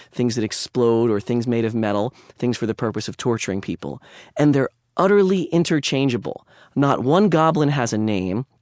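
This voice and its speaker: A man's voice: medium pitch, darkish tone, no echo, studio quality. A man lecturing on literature in a conversational way, with digressions and wry asides.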